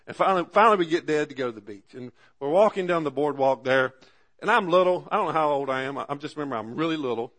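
Casting note: man in his 40s, pastor, fairly high voice, folksy sermon storyteller. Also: animated, fast talker, a bit bright. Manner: folksy storytelling with frequent restarts and call-and-response "amen".

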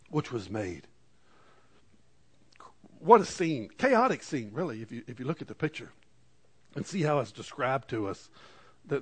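A man preaching to a congregation, reading scripture dramatically with lively asides and stammered restarts. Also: mid-range voice. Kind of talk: sermon. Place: church in front of a congregation.

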